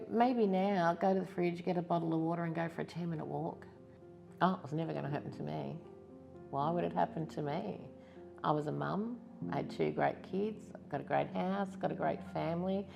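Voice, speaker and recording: A low-voiced Australian woman in her fifties speaks with a gravelly edge. She tells her own story in a candid, reflective testimonial, with soft music faintly underneath. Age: 50s. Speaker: stroke survivor giving testimony. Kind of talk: personal testimonial interview.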